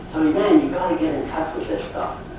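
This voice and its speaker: A middle-aged man giving a motivational sales talk at a conference, telling folksy, animated stories. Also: on the high side, normal speed. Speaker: sales trainer speaking at a conference. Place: conference hall. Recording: echoey hall from far off with faint noise.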